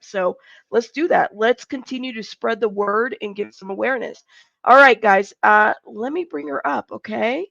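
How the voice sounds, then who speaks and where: Woman, 30s, livestream host, chatty, enthusiastic, gravelly fry, dull dry sound. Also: a little high, fairly bright tone, no echo. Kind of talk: casual livestream chat.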